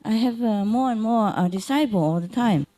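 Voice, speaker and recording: With a fairly high voice at a moderate pace, a woman spiritual teacher talks informally to an audience. Her simple, non-native phrasing is gentle and unhurried, and she chuckles often, repeating phrases to reassure her listeners.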